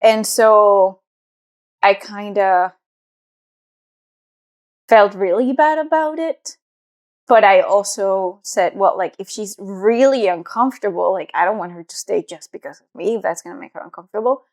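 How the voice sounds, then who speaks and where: A woman's voice: mid-range voice, unhurried, darkish tone. Rambling young woman on a podcast. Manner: rambling, hesitant, many fillers. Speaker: podcast co-host. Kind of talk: casual chat.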